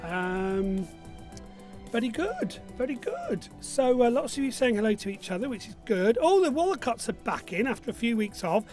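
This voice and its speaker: Chatty high-voiced quiz host. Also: male voice, sing-song, moderate pace, darkish tone, faint music behind. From Burnley, Lancashire, England. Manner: chatty, reads out viewer messages and jokes. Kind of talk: live-streamed pub quiz chat.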